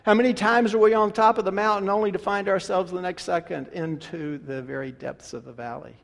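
A preacher with a high-pitched voice, delivering an animated sermon in a church. He asks rhetorical questions and drops from loud passages into hushed ones. Long reverb rolls around the hall after each phrase. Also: a little fast, gravelly. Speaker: pastor.

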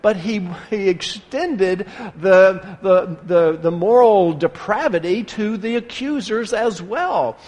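A man preaching a sermon from the pulpit, earnest and measured, with dramatic pauses. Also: sits high, animated, darkish tone. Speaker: pastor. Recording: long hall reverb.

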